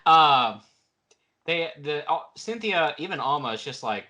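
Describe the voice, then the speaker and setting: A man's voice: on the high side, unhurried. A man co-hosting a podcast in casual chat, recapping episodes and acting out the characters' lines as he goes. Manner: animated, acts out characters' lines while recapping. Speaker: podcast co-host.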